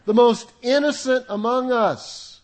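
A man's voice: very high voice, slow pace. An older man, a grandfather, preaching a conversational sermon to a congregation, mixing humor and asides with scripture reading. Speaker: pastor. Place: church sanctuary with congregation.

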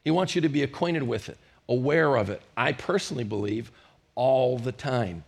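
A middle-aged male pastor preaching a storytelling sermon, swinging from loud bursts to hushed moments. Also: medium pitch, normal speed, gravelly, slightly rough.

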